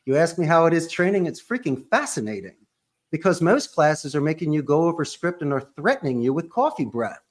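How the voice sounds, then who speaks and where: A man's voice: on the high side, very animated, fairly quick. A man who owns a call center, talking as a podcast guest in an emphatic, punchy way that is full of sports and pop-culture references. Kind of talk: animated interview talk.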